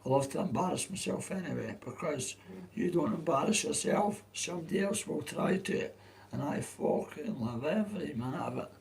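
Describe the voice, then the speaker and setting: A man with a broad Dundee Scottish accent talks to his livestream chat, hoarse and rough with a crackly, gravelly edge. He rambles, swears freely and restarts his sentences as he goes, with a faint hiss of noise underneath. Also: on the high side, lively intonation, normal speed, a little mellow. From Dundee, Scotland. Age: adult.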